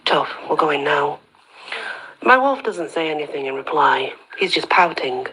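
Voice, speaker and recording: A woman reading a story aloud as host of her own channel, steady and even, with soft half-whispered dips. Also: deep voice, a little slow, husky, rough recording.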